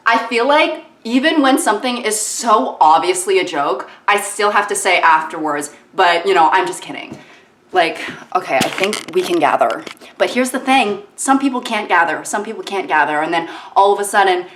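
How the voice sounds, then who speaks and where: A young woman talks to her phone camera in a loose, self-mocking vlog ramble. Her voice sits at a middling pitch and bounces around a fairly echoey room. She fills her sentences with "like" as she thinks out loud. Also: animated, normal speed, slight background noise. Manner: chatty, self-mocking, lots of "like". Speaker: vlogger. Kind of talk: casual vlog chat to camera.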